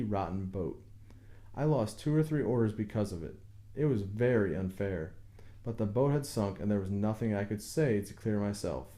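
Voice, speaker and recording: A stubborn, proud boat builder, read by a man, plain-spoken and dogged, always calling his questioner sir. The voice is low and mellow, with a dark, soft tone. It is an audiobook character reading. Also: close to an everyday voice. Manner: insistent, plain-spoken, deferential to authority.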